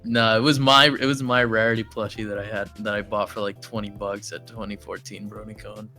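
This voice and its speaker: A man's voice: on the low side, little pitch movement, fairly quick, pushed and bright, faint music behind. A man co-hosting a podcast in casual chat, throwing in short crude quips. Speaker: podcast co-host.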